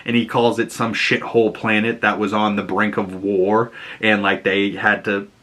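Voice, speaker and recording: Bright-voiced Boston man recapping a show. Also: on the low side, flat delivery, moderate pace. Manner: chatty, retells scenes and acts out the lines. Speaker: show reviewer. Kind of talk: casual recap and reaction.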